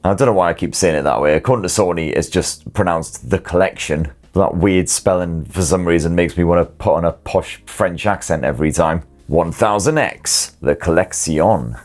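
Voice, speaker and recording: A British man with a notably deep, low voice reads through a product review. He keeps it scripted but wry, dropping jokes and casual slang as he goes. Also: a little fast, hardly any pauses. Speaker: tech reviewer.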